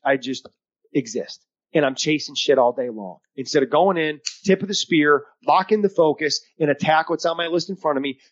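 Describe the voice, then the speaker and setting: Energetic man coaching, lo-fi sound. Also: on the high side. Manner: energetic, emphatic, coaching tone with quoted asides. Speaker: mental performance coach and co-host. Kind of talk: casual podcast chat.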